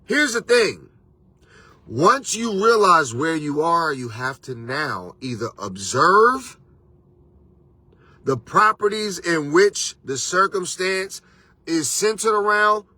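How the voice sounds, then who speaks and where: A man's voice: a little high, very animated, takes it slowly, sharp tone, no echo. A man hosting a motivational monologue, preachy and repetitive, with casual slang. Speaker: motivational host and life coach.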